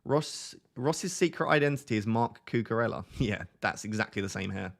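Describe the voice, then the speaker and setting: A man's voice: fairly low pitch, expressive, brisk, gravelly. Self-mocking man with a light Essex accent. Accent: light Essex English. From Essex, England. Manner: chatty, self-mocking, laughs often. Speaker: streamer answering chat. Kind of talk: casual live-stream chat.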